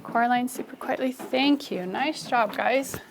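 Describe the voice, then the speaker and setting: In a classroom full of children, a young adult woman teacher runs a phonics lesson, coaching the kids and making asides to other teachers. Her voice is a little high and measured, with background noise present.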